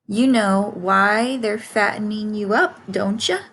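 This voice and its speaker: A woman's voice: medium pitch, slow pace, fairly bright tone, slight background noise. A woman voicing a blunt, gossipy old female sheep while reading a storybook aloud. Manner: blunt, matter-of-fact.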